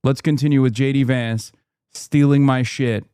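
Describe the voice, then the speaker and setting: A man's voice: mid-range voice, steady tone, moderate pace, mellow, smooth, no echo, clean studio sound. A man streaming live, reacting to a video and talking to chat with sarcastic, profane commentary.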